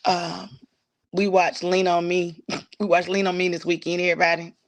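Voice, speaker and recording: A woman's voice: lowish voice, little pitch movement, normal speed. A woman telling a heartfelt personal story as a guest, at times dropping to a whisper and at times pleading, with speech. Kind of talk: emotional personal testimony.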